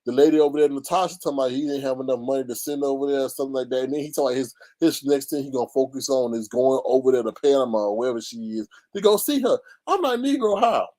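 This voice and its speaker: A man hosting a casual gossip commentary, animated and mocking, often jumping into high squeals. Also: racing, few pauses, dry recording. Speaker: YouTube commentary host.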